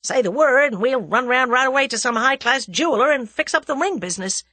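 A woman's voice: high-pitched, expressive, brisk, sharp tone, dry recording, pitched above the performer's own voice, heavily acted. A woman playing an earnest young suitor. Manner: earnest, persuasive. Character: earnest young American man, eager suitor. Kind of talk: audiobook character reading.

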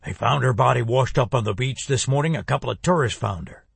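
A man's voice: mid-range voice, brisk, gravelly, slightly rough, no echo. A man doing a troubled older friend. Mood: troubled earnest. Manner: earnest, direct. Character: aging man, gentle but troubled friend.

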